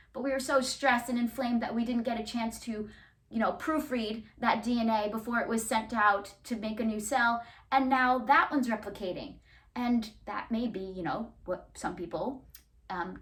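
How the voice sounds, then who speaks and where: A woman's voice: mid-range voice, a bit bright, distant mic. Earnest woman coach, a bit off-mic. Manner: earnest, explanatory, repeats "and now". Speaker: health coach. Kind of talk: self-promotional wellness talk.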